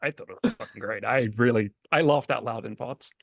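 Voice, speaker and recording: A man's voice: mid-range voice, a little fast, gravelly, dry recording, studio quality. A man co-hosting a casual writing podcast, musing in an easygoing way. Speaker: podcast co-host and writer. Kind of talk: casual chat.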